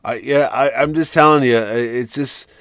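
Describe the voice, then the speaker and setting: A man's voice: mid-range voice, steady tone, normal speed, a bit bright, smooth, no room sound, studio quality. A man in casual chat, talking animatedly with lots of restarts and repeated words.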